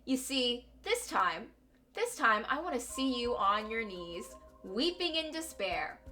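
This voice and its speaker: A woman's voice: a little high, very animated, measured pace, pushed and bright, faint music behind, exaggerated voice. A woman voicing a gloating male ex-convict villain. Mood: sneering. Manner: taunting, sneering, mock-sweet then snarling. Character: vengeful male ex-convict, gleeful and menacing. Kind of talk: reading a game aloud with voices.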